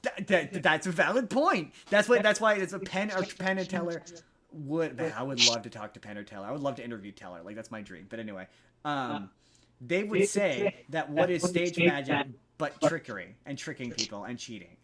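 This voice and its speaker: A man co-hosting a podcast, retelling a film with lively energy, tripping over his words and slipping into quoted voices. His voice sits a little high for a man. A clear crowd murmur runs behind him. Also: brisk. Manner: animated retelling, acts out quotes, stammers and restarts. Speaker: podcast co-host. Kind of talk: casual chat.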